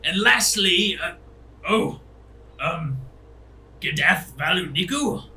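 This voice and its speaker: A man's voice: on the high side, lively intonation, brisk, bright, forceful tone, roomy sound, distant mic, low-quality recording. A man voicing a boisterous male ship captain who addresses passengers like a jovial announcer. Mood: announcing.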